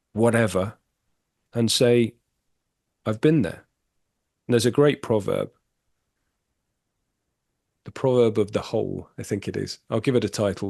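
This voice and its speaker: A man talking as a podcast guest in casual storytelling chat, candid and animated, swearing freely. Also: lowish voice, vocal fry, dry recording, clean studio sound.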